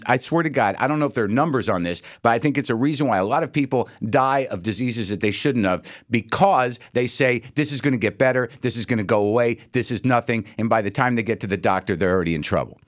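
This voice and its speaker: A man's voice: mid-range voice, no room sound, studio quality. A radio host delivering a rambling, wry comic monologue, acting out the people he quotes.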